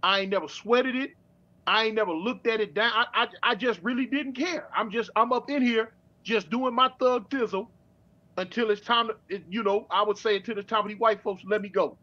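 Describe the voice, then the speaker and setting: Middle-aged cali guy, high sharp voice, slangy, keeps restarting, muffled call audio. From California. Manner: slangy, street talk, halting restarts. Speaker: guest. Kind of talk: casual storytelling.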